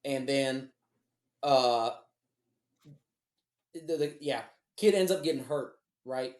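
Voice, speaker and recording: Profane, animated male podcast storyteller. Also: mid-range voice, takes it slowly, roomy sound. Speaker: podcast co-host. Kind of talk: casual storytelling chat.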